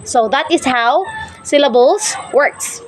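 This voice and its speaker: A woman with a fairly high voice teaches English, slowing down to sound out each syllable of a word. She restarts often and leans on filler words as she explains. Faint noise hums behind her. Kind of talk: explaining a lesson.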